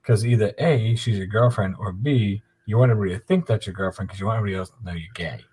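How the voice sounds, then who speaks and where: A man voicing a big, sassy gay male bouncer, teasing and reassuring in a raised, lively voice. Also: lowish voice, very fast, breathy edge, rough recording.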